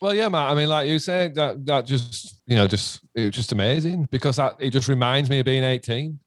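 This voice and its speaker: A man, chatting casually about a hometown gig. He swears a lot and acts out quoted lines with big jumps in pitch. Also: a little fast. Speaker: band member. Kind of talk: casual chat, heavy swearing.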